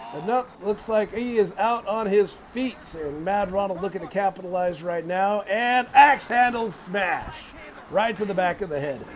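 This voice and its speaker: Excitable high-voiced male wrestling commentator. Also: unhurried. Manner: excitable, swears and laughs, sudden loud exclamations. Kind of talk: play-by-play commentary on a video game wrestling match.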